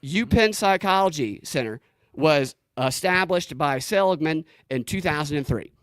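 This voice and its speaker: A man hosting a casual podcast, talking excitedly with frequent profanity and stumbling restarts. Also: fairly high pitch, normal speed, clean tone, dry recording. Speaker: podcast host.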